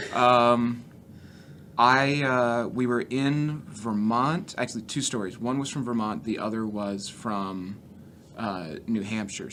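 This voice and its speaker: A man's voice: mid-range voice, a little hiss or hum. A man, a stand-up comedian, telling profane road stories as a podcast guest. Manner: profane, animated storyteller. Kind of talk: casual storytelling.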